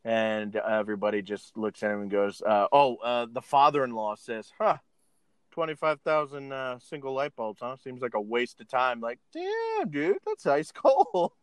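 A podcast co-host chats casually as he recaps a film scene by scene, laughing often and acting out the characters' lines. His mid-range voice is steady, fairly bright, clear and resonant, moving at a normal speed. The recording is dry.

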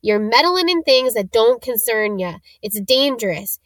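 A big gruff gamekeeper, stubborn and protective, as a woman reads him aloud. He speaks insistently in a slightly high, dry voice. This is a storybook reading. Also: expressive, a little slow, fairly bright tone, dry recording. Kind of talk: reading character dialogue in a storybook.

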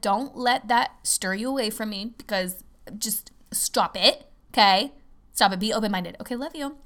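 A young woman hosting her own podcast, chatting casually and excitedly, talking fast and cursing often. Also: medium pitch, creaky. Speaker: podcast host. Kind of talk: casual solo podcast chat.

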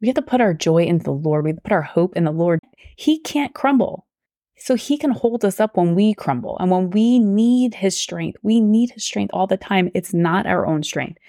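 A woman's voice: mid-range voice, animated, normal speed, mellow, no room sound, studio quality. A young adult woman hosting a personal faith podcast, telling her story earnestly and drifting into tangents as she quotes her own past thoughts. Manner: earnest, tangent-prone, quotes herself aloud. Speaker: podcast host; teacher.

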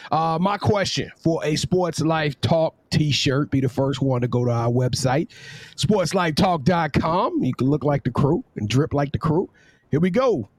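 A man's voice: fairly high pitch, expressive, no room sound. Teasing man running podcast trivia. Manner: teasing, drawn-out, repeats himself. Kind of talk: casual podcast banter.

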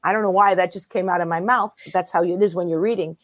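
A woman in her sixties, a guest in an interview, telling her story in a lively way and acting out what other people said. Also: fairly low pitch, fast talker, no echo. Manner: lively storyteller who acts out quoted voices.

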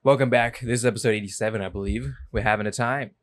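Young dude cohosting a podcast, tired, rambly, swears a lot, casual. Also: male voice, mid-range voice, fairly even intonation, fast talker. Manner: rambling, profane and playful. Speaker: podcast co-host. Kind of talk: casual chat.

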